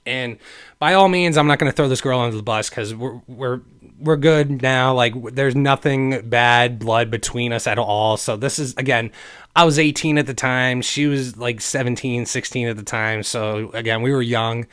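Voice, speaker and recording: A man's voice: mid-range voice, normal speed, fairly bright tone, smooth. A man in his late twenties hosting a podcast, telling a personal story in an earnest, rambling way and speaking straight to his listeners. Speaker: podcast host.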